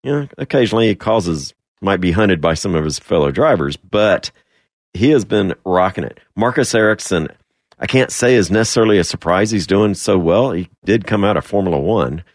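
Deep-voiced joking sports radio co-host. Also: male voice, animated, moderate pace, no echo, studio quality. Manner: joking, opinionated commentary. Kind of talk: casual sports radio chat.

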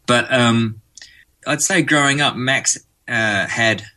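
A man with an Australian accent, a former band bassist, chatting easily as an interview guest and rambling through stories with plenty of fillers. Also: slow, pushed and bright. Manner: easygoing, rambling storyteller with fillers. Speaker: musician guest. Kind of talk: casual interview chat.

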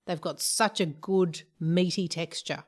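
A woman's voice: lowish voice, a little slow, slightly rough. Chatty woman podcast co-host. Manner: chatty, giggly. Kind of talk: casual chat.

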